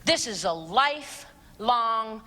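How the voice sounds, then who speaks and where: A middle-aged woman giving a blunt, sarcastic live talk to teens and parents, her voice jumping high when she exclaims. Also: lively intonation, slow pace, sharp tone. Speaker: speaker. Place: church auditorium. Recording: long reverb of a large hall.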